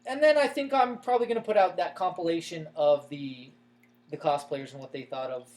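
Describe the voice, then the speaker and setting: A man's voice: on the high side, fairly quick, darkish tone. A young man co-hosting a podcast, talking casually about comics and games in a loose, rambling way full of fillers and restarts. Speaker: podcast co-host. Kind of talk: casual chat.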